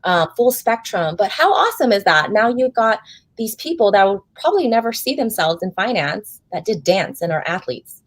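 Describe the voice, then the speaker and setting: A woman's voice: mid-range voice, sing-song, moderate pace, no echo. Gushing woman host, dry close sound. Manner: effusive, gushing, addresses audience as "guys". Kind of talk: enthusiastic interview chat.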